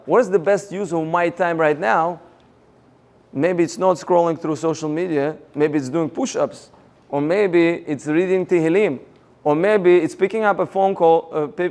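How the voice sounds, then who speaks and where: Guy running a motivational seminar, high pitched, pumped up, keeps asking the room questions. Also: normal speed. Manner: energetic, rallies the audience with questions. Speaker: seminar speaker.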